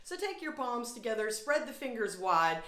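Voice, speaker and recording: A woman's voice: on the high side, sing-song, moderate pace, pushed and bright, echoey room. A woman from Atlanta, Georgia, leading a guided laughter yoga class in a cheerful, inviting way. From Atlanta, Georgia, USA. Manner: cheerful, inviting instructor who chants and laughs along.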